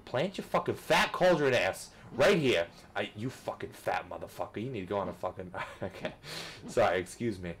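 A man giving profane, frustrated commentary over a game, ranting and cursing, swinging between yelling and muttering. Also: on the low side. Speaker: gaming youtuber.

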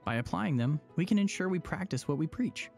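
A man's voice: fairly high pitch, expressive, brisk, gravelly, darkish tone, breathy edge, faint music behind. A man explaining a church plan in a scripted, upbeat, persuasive dialogue. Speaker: church promo presenter.

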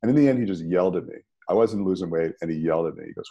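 Low-voiced guy on a podcast, mellow tone, gets loud and high when he makes a point. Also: racing, highs cut off. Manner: animated, rises sharply when emphatic. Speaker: podcast guest. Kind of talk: conversational storytelling.

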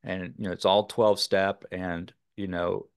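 A man's voice: sits low, little pitch movement, a little slow, vocal fry, smooth, no room sound, clean studio sound. A man from Texas, a podcast guest, talking earnestly in a rambling way with many fillers. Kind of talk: casual interview talk.

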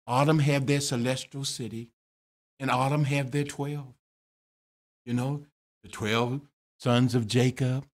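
Lively joking preacher man. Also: medium pitch. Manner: lively preaching with jokes and laughter. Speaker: pastor. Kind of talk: sermon.

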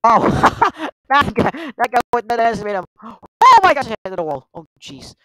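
Excitable woman yelling at a game. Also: a little high, normal speed, dry recording, low-quality recording. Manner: excitable, yelps and exclaims at the game, lots of slang. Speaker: gameplay streamer. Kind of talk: casual gameplay commentary.

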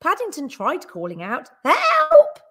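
A woman teacher reading a children's story aloud with expressive, animated storytelling. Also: on the high side, normal speed.

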